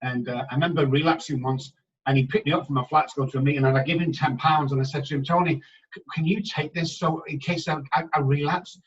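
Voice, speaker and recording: A man's voice: on the high side, steady tone, fast talker, recorded from a distance, lo-fi sound. A man from England, a recovery doctor talking bluntly and swearing a lot in a casual interview.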